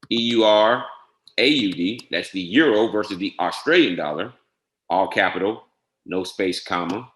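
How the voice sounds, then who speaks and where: A man with a fairly low but bright, forceful voice teaches a software setup on a screen share. He spells out each entry slowly and checks in with a casual "all right?" as he goes. The sound carries a roomy echo. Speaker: software trainer.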